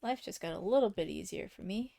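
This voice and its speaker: A woman with a noticeably gravelly, fry-laden voice chats with her viewers as she draws on a live stream. She teases herself about her mistakes and talks straight to her chat. Her voice often sinks into low mutters while she concentrates. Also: expressive, a little fast. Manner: chatty, self-mocking, talks to her chat; often drops to quiet muttering while working. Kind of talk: casual chat while drawing.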